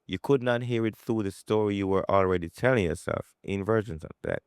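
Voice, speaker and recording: A man's voice: on the low side, a little fast, smooth, no room sound, studio quality. A man hosting a podcast interview, reflecting aloud and repeating words as he builds a point. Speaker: podcast host. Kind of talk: casual interview.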